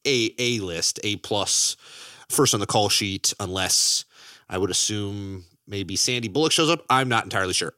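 Lively, bright-voiced male podcast host. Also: medium pitch, no room sound, clean studio sound. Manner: energetic, jokey, laughs often. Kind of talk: casual film podcast banter.

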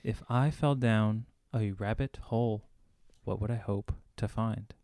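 A man's voice: lowish voice, steady tone, a little slow, mellow, no echo. Sick, congested man chatting playfully. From Greece. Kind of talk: casual chat, guessing game.

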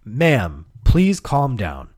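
A man putting on a prim, high telemarketer voice. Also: huge pitch swings, drawn-out words, darkish tone, slightly rough, exaggerated voice. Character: overly polite male telemarketer, formal and unbothered.

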